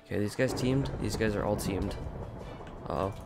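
A man's voice: on the low side, moderate pace, gravelly, over music. A man casually commentating his own gameplay, rambling and chatty, with a groggy just-woken morning voice. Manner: rambling, chatty, frequent fillers. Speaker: gaming channel host.

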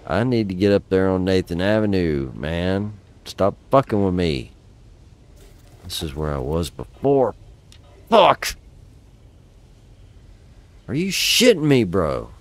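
A man's voice: sits low, lively intonation, unhurried, darkish tone, no echo. A middle-aged man giving exasperated, profane live commentary while playing a game, talking to himself at a desk mic. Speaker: gaming channel host.

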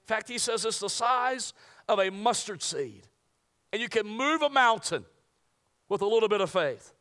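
A man preaching a sermon, swinging from loud emphatic peaks to hushed near-whispers. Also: sits high, lively intonation, normal speed, clean tone. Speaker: pastor.

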